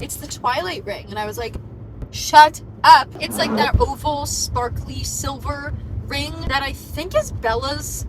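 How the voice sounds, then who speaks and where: A young woman in her twenties chatting casually to her phone camera for a vlog, bubbly and full of quick asides. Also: a little high. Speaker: vlogger. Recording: phone vlog with clear background noise.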